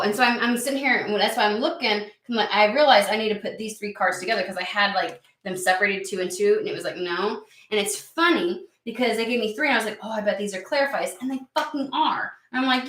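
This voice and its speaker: A woman giving a casual, animated tarot reading to her viewers, swearing freely as she talks through the cards. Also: medium pitch. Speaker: tarot reader. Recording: roomy echo.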